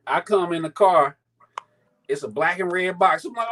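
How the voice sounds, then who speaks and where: Profane, animated man in his thirties. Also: sits high, normal speed, noisy background. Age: 30s. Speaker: sneaker battle contestant. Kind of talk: casual storytelling chat.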